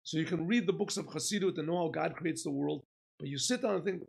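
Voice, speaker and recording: Male rabbi, lecture, animated storytelling, slightly high voice, gravelly. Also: fast, low-quality recording. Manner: animated storyteller, acting out dialogues. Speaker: rabbi teaching Chassidus. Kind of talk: lecture with acted-out parable.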